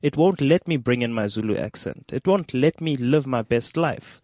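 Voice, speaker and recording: A man of middling pitch pressing questions in a panel discussion. He talks haltingly and keeps restarting, recorded close and dry. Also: lively intonation, darkish tone, no echo. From South Africa.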